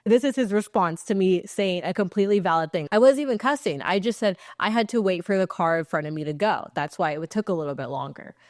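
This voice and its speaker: A young woman from Texas, a podcast co-host, telling a road-rage story in casual chat, swearing freely and acting out the quotes with big jumps in pitch. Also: fast, few pauses, dry recording, studio quality.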